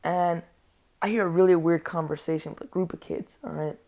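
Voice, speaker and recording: A woman's voice: fairly low pitch, fairly even intonation, brisk, warm tone. A woman telling a story for her vlog, rambling, swearing a lot and sounding incredulous. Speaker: vlogger. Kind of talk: casual story time.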